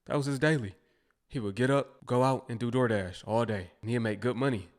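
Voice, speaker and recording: A man's voice: mid-range voice, a little fast, a little mellow. A man casually telling a story in a laid-back, conversational way.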